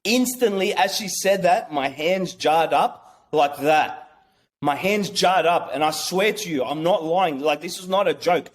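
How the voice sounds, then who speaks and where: A young man telling a personal story as a podcast guest, excited and swearing, often restarting his sentences. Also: on the high side, unhurried.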